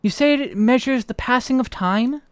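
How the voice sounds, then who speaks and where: A man's voice: very high voice, normal speed, clean tone, no room sound, pitched above the performer's own voice. A man voicing a curious, learned male game character who speaks in a formal, old-fashioned way. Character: curious, learned man puzzling over a device.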